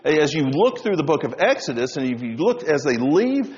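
A male pastor preaching a sermon, swinging between loud emphasis and hushed low tones. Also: big pitch swings, normal speed. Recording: dull sound with long reverb in a hall.

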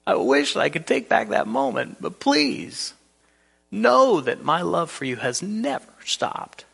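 Preacher acting as a grieving man pleading for forgiveness, voice lifted higher, long church reverb. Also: sing-song, unhurried, creaky, fairly bright tone, husky, full character voice. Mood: desperate pleading. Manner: desperate, pleading.

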